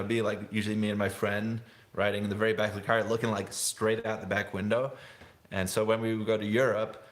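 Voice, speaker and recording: A man's voice: fairly low pitch, a bit bright. A young man from England, hosting a casual snowboard livestream, chatting in a rambling, laid-back way with frequent laughs. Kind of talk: casual live-stream chat.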